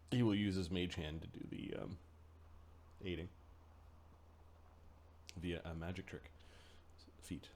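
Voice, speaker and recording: A man playing a tabletop game, reading rules aloud and thinking out loud with fillers. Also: deep voice, a little hiss or hum. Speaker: player.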